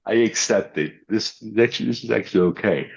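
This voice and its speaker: A man's voice: lowish voice, unhurried, creaky, darkish tone, breathy edge, highs cut off. A man co-hosting a casual early-morning podcast, telling rambling stories with many restarts and acting out what others said. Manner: rambling storyteller, restarts, acts out quotes. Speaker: podcast co-host.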